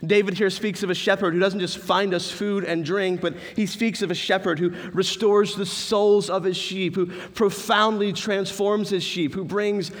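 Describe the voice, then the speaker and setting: A man's voice: high voice, little pitch movement, moderate pace, few pauses, big-room sound. A man preaching a sermon as pastor, earnest and building emphatic lists with rising stress.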